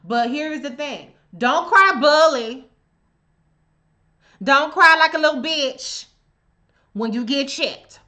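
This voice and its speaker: High, bright-voiced fiery woman streamer. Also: slow. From United States. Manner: profane, confrontational, emphatic; addresses commenters directly. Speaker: livestream host. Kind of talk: heated political commentary.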